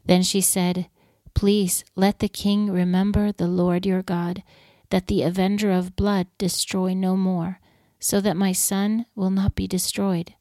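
A woman giving a measured, steady scripture reading. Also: mid-range voice, no room sound, studio quality. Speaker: scripture reader.

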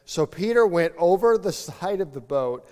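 A male pastor delivering a conversational, animated sermon, acting out bits of biblical dialogue. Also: high-pitched, normal speed, in a large hall. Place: church sanctuary.

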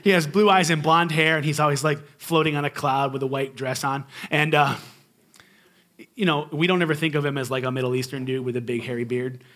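A man's voice: on the high side, fairly even intonation, fairly quick, fairly bright tone. A male pastor preaching a sermon in a conversational, humorous and emphatic way.

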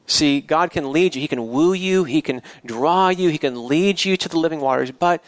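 A man's voice: a little high, moderate pace, no echo. A male pastor who grew up in the country, preaching in a church in a conversational way with restarts and asides. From rural area. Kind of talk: sermon.

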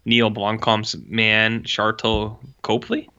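A man's voice: on the low side, completely flat delivery, slow, bright, forceful tone, clear, resonant tone, highs cut off. A man casually chatting as a podcast co-host, rambling and sarcastic with lots of "like". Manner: rambling, sarcastic, heavy use of "like". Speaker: podcast co-host reviewing short films. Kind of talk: casual chat.

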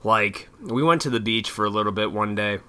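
A man's voice: on the low side, brisk, pushed and bright, smooth. A young adult man hosting his own vlog, rambling casually with lots of fillers and easy swearing. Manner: laid-back, swears casually, frequent fillers. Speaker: vlog host.

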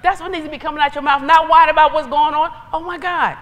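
A woman preaching a sermon in a lively, conversational way, building into urgent exhortations. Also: high-pitched, fast talker, dull audio. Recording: long reverb of a large hall.

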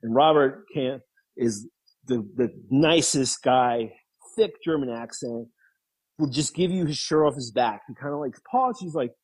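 A man in his thirties, a guest in an interview, telling stories casually, laughing often and acting out quotes in a higher voice. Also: measured pace, breathy edge, low-quality recording. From New York. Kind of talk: casual storytelling.

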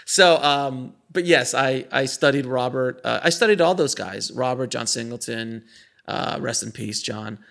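A man, a filmmaker guest, chatting casually in an interview and telling animated stories with frequent laughs and restarts. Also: mid-range voice, unhurried, gravelly. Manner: animated storyteller, laughs often, many restarts.

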